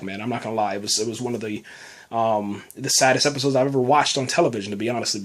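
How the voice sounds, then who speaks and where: A man hosting a podcast, giving a casual, rambling spoken review full of fillers and restarts, often saying "man". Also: medium pitch. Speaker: podcast host reviewing a TV episode.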